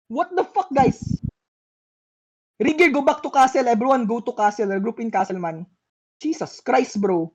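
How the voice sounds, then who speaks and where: A woman's voice: sits high, sing-song, moderate pace, a little mellow, husky. A young woman calling shots in game voice chat, repeating urgent commands with exasperation. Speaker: shotcaller.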